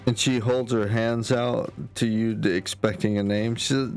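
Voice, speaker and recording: A man's voice: mid-range voice, fairly even intonation, a little slow, clean tone, soft background music. A man narrating as dungeon master, rambling with many fillers and restarts. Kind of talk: narrating a tabletop game.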